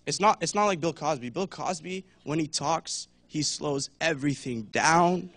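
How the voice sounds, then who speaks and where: A man's voice: fairly high pitch, moderate pace, a bit bright. A young man giving a casual talk at church, chatty, with many fillers, and acting out voices now and then. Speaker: church speaker.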